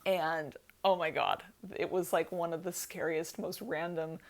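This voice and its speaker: An American woman in her thirties telling a personal story to camera in a casual vlog. She is animated and fills her talk with "like," moving from hushed to loud. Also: on the low side, a little slow. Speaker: vlogger, channel host.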